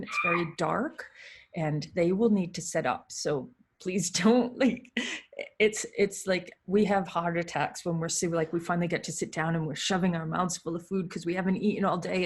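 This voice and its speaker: A young woman with a New England accent talks on her own in a casual, rambling, self-deprecating way. Her voice sits a little low, with a husky, gravelly edge to it. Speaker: wedding photographer hosting a Q and A. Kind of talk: casual solo livestream talk.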